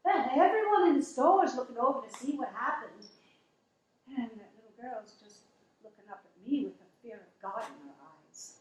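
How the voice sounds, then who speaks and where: A woman's voice: fairly high pitch, fairly bright tone, roomy sound, poor audio. An actress playing a down-to-earth working wife who finally stands up for herself, telling her story in an earnest, emotional monologue. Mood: tense. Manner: slow, emotional, earnest retelling.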